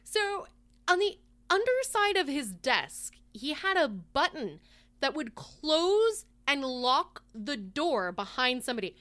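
High, lively woman telling a story. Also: slow pace. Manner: exasperated, profane storytelling. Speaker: podcast co-host. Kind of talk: casual chat.

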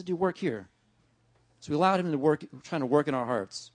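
A man's voice: a little high, lively intonation, quick pace, no room sound. A middle-aged male pastor giving a conversational sermon, often acting out his talks with God. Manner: conversational preaching with many "right?" and "man"; acts out dialogues with God.

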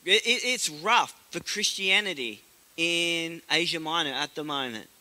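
A pastor preaches a sermon, telling the story with liveliness and acting out the voices of its characters. His voice is a little high and unhurried, with a big-room sound.

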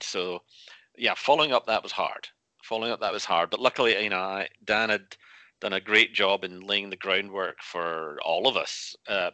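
Man with very bright, dry voice. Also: fairly low pitch, no echo. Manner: animated, restarts often, acts out quotes. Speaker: guest author. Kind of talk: casual interview chat.

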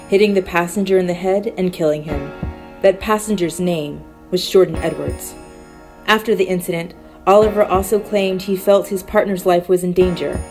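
A woman with a slightly low voice narrates a scripted documentary segment. Her reading is measured and solemn. Faint instrumental music plays behind her. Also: darkish tone. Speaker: contributor narrator.

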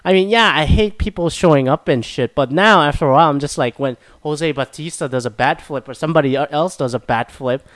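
A man's voice: a little high, fairly quick, few pauses, a bit bright, no room sound. Profane ranting young man. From Korea. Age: young adult. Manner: profane, ranting, self-mocking. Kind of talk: casual solo rant.

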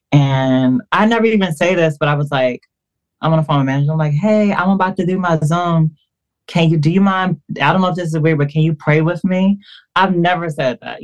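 Animated woman telling stories as a guest. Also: deep voice. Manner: animated, acts out quoted dialogue, many fillers. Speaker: podcast guest. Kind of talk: casual storytelling interview.

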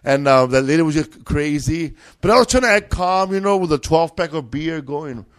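A man's voice: fairly high pitch, lively intonation, moderate pace. A man, a comedian guest, telling a rambling, profane story with bursts of laughter in a casual chat.

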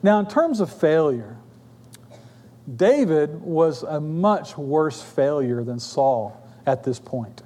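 Middle-aged guy preaching in church, pretty high voice, acts out the family story bits. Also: expressive, slow, mellow. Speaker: pastor. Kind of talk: sermon. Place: church sanctuary.

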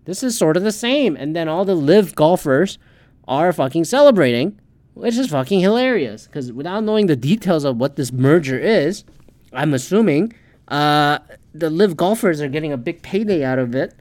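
A man's voice: fairly high pitch, animated, moderate pace, darkish tone, no echo. A man hosting a podcast, ranting heatedly in casual solo commentary and swearing often. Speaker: podcast host.

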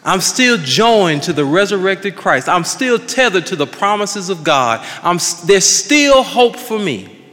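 A male pastor preaching an impassioned sermon, swinging between loud declarations and hushed passages. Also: sits high, big pitch swings, a little slow, big-room sound.

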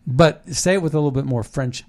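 A man hosting a political commentary show, excited and rambling, with frequent restarts. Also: mid-range voice, fairly quick. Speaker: show host.

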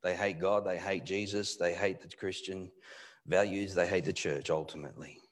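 A male pastor giving a live sermon in church, moving between loud emphatic bursts and low, quiet asides. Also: fairly even intonation, normal speed. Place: church hall.

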